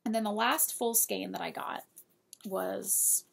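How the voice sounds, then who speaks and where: A woman's voice: medium pitch, fairly even intonation, slow, gravelly, fairly bright tone, a little hiss or hum. A woman hosting a knitting podcast, chatting casually and giggling as she talks straight to her viewers. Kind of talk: casual show-and-tell of yarn purchases.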